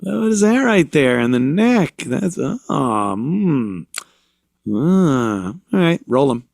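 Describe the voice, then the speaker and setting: A man's voice: on the high side, very animated, slow, vocal fry, a little mellow, no room sound, clean studio sound. A man hosting a talk show, ranting sarcastically with mocking, profane commentary. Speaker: show host.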